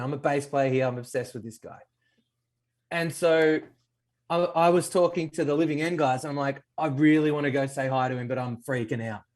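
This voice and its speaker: A male guest bass player telling an easygoing, self-mocking story in casual chat.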